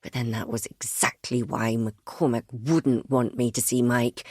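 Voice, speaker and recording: Woman narrator, low voice, dry close recording, measured first-person thriller reading. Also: fairly even intonation, a little mellow, husky, no room sound. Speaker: audiobook narrator.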